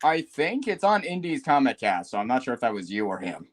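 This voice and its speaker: A man's voice: medium pitch, very animated, brisk. A man chatting on a casual livestream, sheepish and apologetic, laughing often. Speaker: guest artist.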